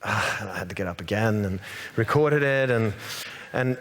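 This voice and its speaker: Low-voiced man talking in a hall. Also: moderate pace, a bit bright. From Sweden. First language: Swedish. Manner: hesitant, rambling, many restarts and fillers. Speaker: songwriter guest. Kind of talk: casual stage interview. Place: large hall on stage.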